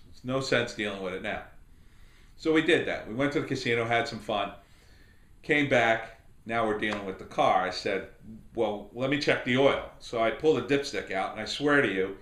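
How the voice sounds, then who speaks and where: With a mid-range voice at normal speed and a reverberant sound, a middle-aged man tells a drawn-out story on his podcast. It's loose, rambling storytelling commentary, and he acts out the people he quotes with animated voices.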